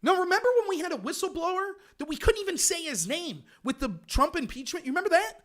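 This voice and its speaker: High-pitched animated sarcastic man. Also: fast talker. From United States. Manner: sarcastic, mocking, ranting. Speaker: political livestream host. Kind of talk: livestream commentary reading chat.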